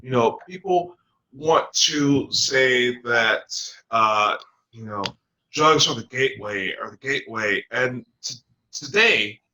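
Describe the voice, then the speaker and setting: A man hosting a talk show, speaking in a hesitant, deliberate way with many ums. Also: medium pitch, sharp tone, a little hiss or hum, rough recording. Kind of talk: casual talk show chat.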